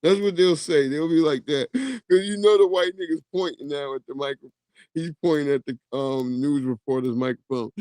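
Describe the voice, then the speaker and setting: Man, high voice, dry close sound, profane ranting, livestream host. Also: normal speed, a little mellow, dry recording. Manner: profane, laughs through his rant. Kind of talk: casual ranting commentary.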